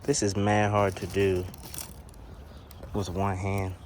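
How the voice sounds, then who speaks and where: A young car audio vlogger records an unboxing outdoors by a car on a handheld phone, keeping it casual, slangy, and profane. He speaks slowly in a low, monotone, slightly mellow voice over light background noise.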